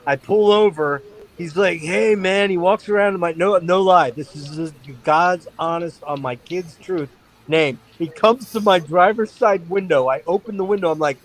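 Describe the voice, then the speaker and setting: A middle-aged man spinning a story on a casual livestream. His voice runs slightly high for a man. He swears freely and delivers each moment with emphatic, animated energy. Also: low-quality recording. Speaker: stream host.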